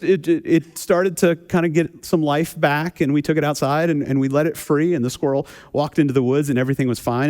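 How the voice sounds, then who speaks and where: A male pastor with a rather high voice talks through his sermon in a chatty, easygoing way, stumbling and repeating words as he goes. His voice rings out with the long reverb of a church sanctuary. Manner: relaxed, chatty, often repeats words as he restarts. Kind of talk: conversational sermon with a personal story.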